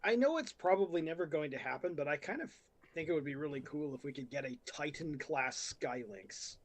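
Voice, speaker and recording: A man's voice: fairly high pitch, animated, brisk, slight background noise. Wry, hesitant podcast man. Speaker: podcast co-host. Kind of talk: casual live-stream chat.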